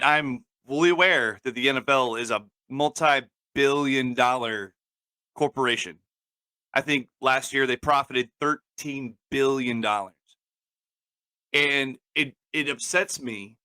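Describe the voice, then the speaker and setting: Bright, heated man venting. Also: mid-range voice, no room sound. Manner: heated, swears freely, builds to angry outbursts. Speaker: podcast co-host. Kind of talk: casual opinion talk.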